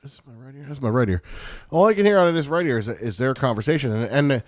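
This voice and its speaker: Man, lively fast storyteller, profane, dry close sound. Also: mid-range voice, no room sound. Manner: animated, profane, laughing storyteller. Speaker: podcast guest telling a story. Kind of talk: casual storytelling.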